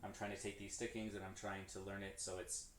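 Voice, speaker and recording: Low, monotone, and brisk, a drummer explains stickings loosely while streaming his practice, counting his hands and correcting himself out loud. He's in a room with a drum kit, recorded on a distant mic in an echoey space with clear background noise.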